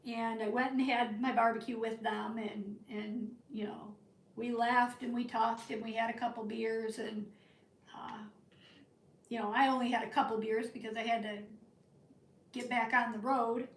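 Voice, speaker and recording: A woman telling a rambling story to her live chat from the northern United States, in an animated, chatty way. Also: on the high side, moderate pace. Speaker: live-stream crafting host. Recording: roomy, from a distance.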